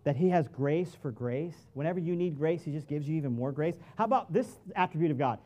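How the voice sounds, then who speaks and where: Animated and fairly quick, a high-voiced middle-aged pastor preaches to his congregation in the sanctuary. He speaks to them like a friend, going soft for asides and climbing to loud, emphatic peaks. The audio is dull.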